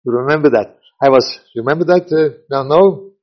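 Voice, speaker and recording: An older man, a rabbi teaching a class, gives an informal Torah lecture in a medium-pitched voice at a fairly quick pace. He rambles and repeats himself, mixing in Hebrew and Yiddish terms, on a dull lo-fi recording.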